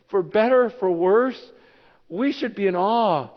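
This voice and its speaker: A man preaching a sermon as pastor, telling a story in an animated, emotional way. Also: sits high, slow. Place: church sanctuary. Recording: dull echoey church hall.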